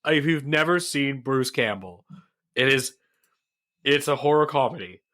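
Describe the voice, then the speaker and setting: A man chatting on a podcast with a bright, forceful voice. He rambles through a story, excitable and full of fillers. Casual, loose delivery. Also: medium pitch, unhurried. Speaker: podcast co-host. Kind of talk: casual chat.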